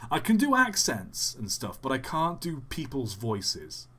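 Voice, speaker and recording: A young man chats through a live stream, joking and breaking off mid-thought. His pitch bounces around a lot, and his tone stays casual. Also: wildly swooping pitch, a little slow, pushed and bright, slightly rough. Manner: chatty, jokey, trails off and restarts.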